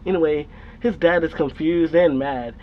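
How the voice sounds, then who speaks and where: A man's voice: a little high, normal speed. Young man telling a profane story. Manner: profane, laughing, rambling. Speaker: storytime vlogger. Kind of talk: casual storytelling. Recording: dull lo-fi recording with faint noise.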